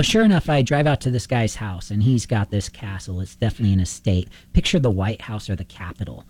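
A middle-aged man, a roofing contractor, telling animated stories in a casual interview, acting out the phone calls he quotes. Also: fairly low pitch, no room sound.

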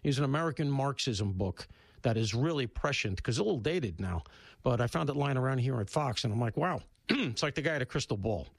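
A man hosting a talk radio show, talking bluntly and casually, with loud emphatic bursts and low asides. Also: expressive, brisk, creaky, no room sound. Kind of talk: opinionated talk radio monologue. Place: radio studio.

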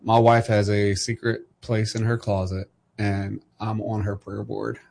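Low, flat-voiced host talking faith. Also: male voice, a little slow, gravelly, a little hiss or hum. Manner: heartfelt, preachy. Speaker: podcast host. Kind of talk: casual faith talk.

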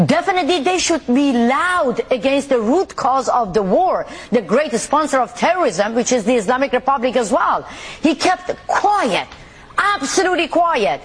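Indignant high-voiced woman from the Middle East. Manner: indignant, forceful, pointed. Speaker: activist guest. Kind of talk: televised interview.

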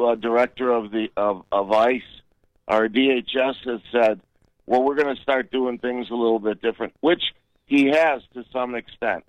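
A man's voice: medium pitch, no echo, highs cut off. A man calling in to a radio talk show, earnest and indignant, pressing his point insistently. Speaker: caller.

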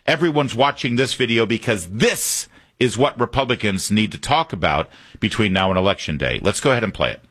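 A man's voice: on the low side, lively intonation, fairly quick, a bit bright. A man hosting a talk radio show, chatting casually and reading an ad himself.

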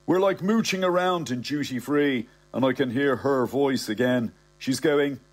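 Cocky middle-aged Dublin narrator, husky voice, mid-pitched. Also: male voice, a little slow, few pauses. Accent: Dublin Irish. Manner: cocky, slangy storytelling. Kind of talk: comic audiobook narration.

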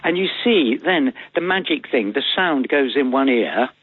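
A man's voice: mid-range voice, lively intonation, normal speed, breathy edge, no echo. An older actor chatting as a radio guest, wry and genteel as he tells stories. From England. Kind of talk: phone interview chat. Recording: tinny dry phone line.

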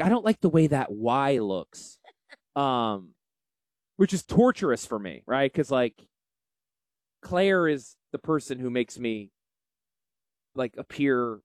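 A man with a Yankee accent hosting a financial show, brash and salesy in a folksy promotional pitch. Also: a little mellow, no echo. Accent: Northeastern US. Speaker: financial advisor and show host. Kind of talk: promotional radio talk.

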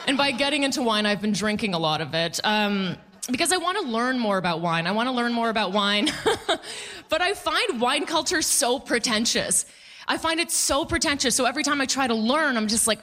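A woman in her thirties doing a stand-up comedy set on a club stage, animated and jokey, acting out the voices of people in her stories. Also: on the high side.

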